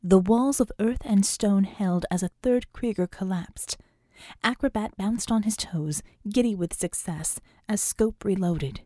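Mellow woman narrating an audiobook. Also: medium pitch, unhurried, no room sound, studio quality. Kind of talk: scripted narration.

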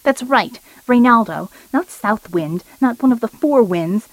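Woman voicing a giant male metahuman, petulant, indignant, whiny, raised pitch. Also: expressive, measured pace, no room sound, dull audio. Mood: angry.

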